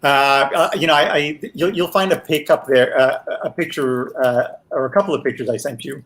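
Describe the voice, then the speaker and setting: A man's voice: on the high side, brisk. A man, a TV series creator, chatting casually as a podcast guest, telling set stories with many restarts.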